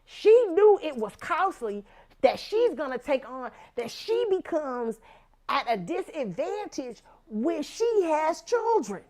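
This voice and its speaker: A woman's voice: high voice, sing-song, slow, darkish tone. Female host, casual outspoken commentary, salty language, laughs a lot. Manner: frank, profane, laughs often. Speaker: talk show host.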